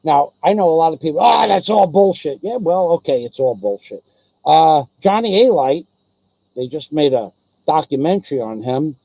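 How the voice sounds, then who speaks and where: Mellow-voiced man rambling through a story. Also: fairly high pitch, no echo, poor audio. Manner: rambling, digressive, many restarts and asides; blunt, salty street talk. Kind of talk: casual personal anecdote.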